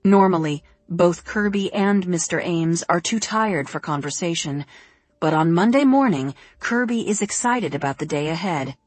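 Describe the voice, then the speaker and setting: Audiobook narrator: woman, lowish voice, steady reading, dry close sound. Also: moderate pace, no echo. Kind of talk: scripted narration.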